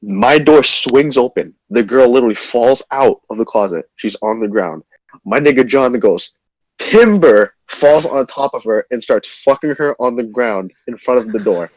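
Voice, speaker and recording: Animated young man telling a wild story. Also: mid-range voice, no echo, poor audio. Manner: animated, swearing, quick retelling. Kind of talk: casual storytelling.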